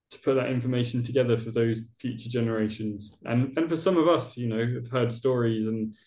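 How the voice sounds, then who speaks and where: A man's voice: medium pitch, darkish tone. Podcast host, male, eager and chatty, roomy sound. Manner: enthusiastic, rambling sentences. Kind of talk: casual conversation. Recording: roomy echo.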